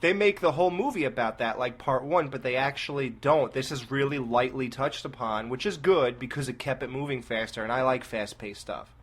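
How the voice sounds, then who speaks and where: A man co-hosting a casual movie review chat, animated and laughing at his own slips. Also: mid-range voice, fairly quick, hardly any pauses. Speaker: podcast co-host.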